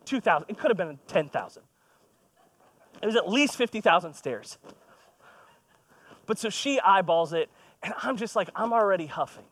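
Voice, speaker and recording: High-voiced man preaching, dry sound. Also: expressive, moderate pace, long pauses, a bit bright, dry recording. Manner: conversational, storytelling with self-deprecating humor. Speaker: pastor. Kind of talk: sermon with personal stories.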